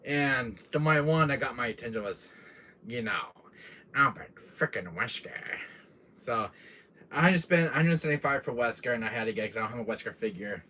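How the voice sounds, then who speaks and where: A man's voice: mid-range voice, expressive, brisk, pushed and bright, a little hiss or hum. A young man chatting casually on a live stream, rambling with lots of fillers and restarts. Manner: rambling, many fillers and restarts, laughs often.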